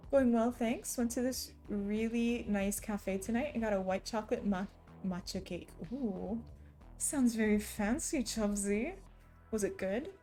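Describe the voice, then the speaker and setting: A woman's voice: fairly high pitch, warm tone. A young woman livestreaming, chatting casually with her audience and teasing them playfully with frequent giggles.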